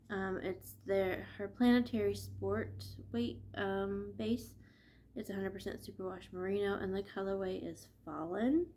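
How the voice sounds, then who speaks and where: Chatty, slow-talking woman with allergies. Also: medium pitch, mellow, a little hiss or hum. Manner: chatty, laughs often, drifts off topic. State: stuffy nose from allergies. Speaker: vlogger. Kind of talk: casual chat.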